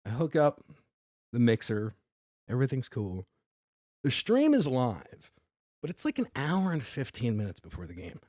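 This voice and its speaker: Animated New York storyteller, man. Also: mid-range voice, normal speed, long pauses, no echo, clean studio sound. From Staten Island, New York. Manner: animated storyteller acting out both sides of dialogue. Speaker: podcast guest, comedian. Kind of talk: storytelling in casual chat.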